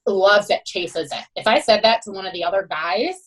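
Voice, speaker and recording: A woman who is a head swim coach, telling animated, emphatic stories in a podcast interview and often adding "you know" and "right.". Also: mid-range voice, normal speed, low-quality recording.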